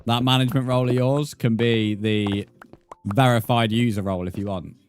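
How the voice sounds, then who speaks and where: A man's voice: medium pitch, fairly even intonation, moderate pace, soft background music. A man livestreaming a game, chatting casually with viewers, bantering and swearing at the chat in mock threats.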